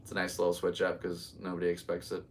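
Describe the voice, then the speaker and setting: A laid-back man in his thirties from Connecticut, chatting loosely on his own podcast. His voice sits low, and he drifts from story to story with easy fillers. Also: completely flat delivery, fast talker, distant mic, a little hiss or hum. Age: 30s. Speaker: podcast host and comedian. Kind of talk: casual solo podcast chat.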